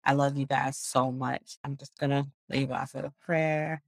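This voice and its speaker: A woman's voice: rumbling low, little pitch movement, moderate pace, gravelly, no room sound, clean studio sound. A woman hosting a faith podcast, chatting casually with viewers in an affectionate, churchy way and laughing often. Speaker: podcast host. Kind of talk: casual livestream outro chat.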